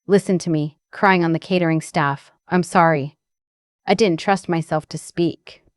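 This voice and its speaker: A woman doing a gentle, tearful young woman. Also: on the low side, fairly even intonation, normal speed, no echo, clean studio sound, close to an everyday voice. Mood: tender. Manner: gentle, emotional, confiding. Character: young woman, soft-spoken, grateful and tender.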